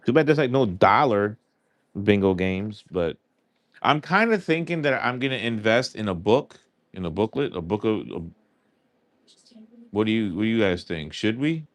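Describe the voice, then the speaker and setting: With a fairly low-pitched, expressive voice at a moderate pace and no echo, a man with a New York accent hosts a livestream. He chats casually and loosely with viewers, reading out and answering their questions as he rambles along.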